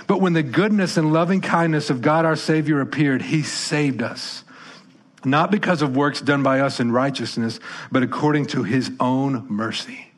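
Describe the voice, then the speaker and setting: A man preaching a sermon as pastor, conversational and emphatic, swinging between loud punches and soft, quiet lines. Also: fairly high pitch, moderate pace.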